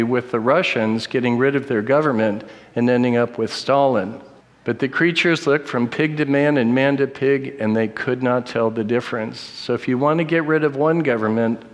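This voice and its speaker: Middle-aged male preacher running a quiz sermon, mid-pitched, playful, long hall echo. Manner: joking quiz-master, slows for read quotes.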